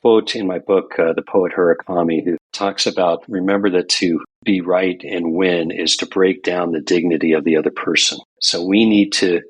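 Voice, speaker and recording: An older man from California speaks as a podcast guest in a low, deep register with a husky grain. He tells his stories earnestly and reflectively. He works through each point with care. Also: steady tone, normal speed, hardly any pauses, rough recording. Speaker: guest, past grand master of a Masonic lodge. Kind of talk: podcast interview.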